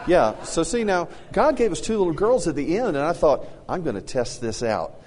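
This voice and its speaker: A middle-aged man co-hosting a casual parenting talk, telling animated stories and acting out the people he quotes. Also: moderate pace, big-room sound, noisy background. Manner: animated storyteller, acts out quotes with big pitch jumps. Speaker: co-host.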